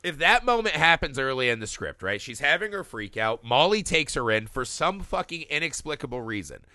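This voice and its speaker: Animated, bright-voiced ranting man. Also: on the high side, a little fast, no room sound, clean studio sound. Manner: animated, ranting, swears often, laughs. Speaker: podcast co-host. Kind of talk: casual profane film discussion.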